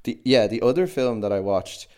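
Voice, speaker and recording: A man co-hosting a podcast, chatting casually and recapping a film in a rambling, animated way. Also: medium pitch, normal speed, slight background noise. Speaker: podcast co-host. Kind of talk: casual chat.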